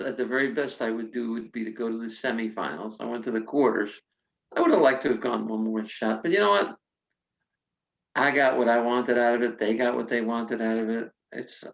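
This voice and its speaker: An older woman, a comedian guest in an interview, tells frank, lively stories, acting out quoted dialogue and swearing freely. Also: rumbling low. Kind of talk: casual interview storytelling. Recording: roomy, muffled sound.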